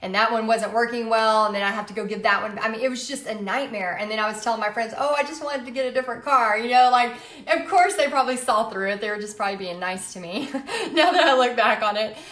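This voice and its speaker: A woman in her late thirties hosting a livestream, telling a personal story in a chatty, animated way with lots of fillers. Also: fairly high pitch, fast talker. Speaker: livestream host. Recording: echoey room.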